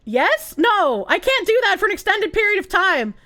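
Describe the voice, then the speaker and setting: A woman's voice: very high voice, big pitch swings, normal speed, pushed and bright, no echo, clean studio sound. A woman streamer chatting casually on a live stream, reading out viewer messages. She is giggly and loose, swears freely and laughs often.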